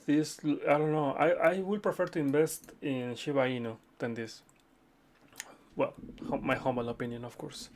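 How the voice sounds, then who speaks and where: Gravelly-voiced man hosting a live chart stream. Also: medium pitch, steady tone, moderate pace. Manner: chatty, repeats okay, addresses viewers as friends. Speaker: livestream host reading viewer chart requests. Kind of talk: casual live chart analysis.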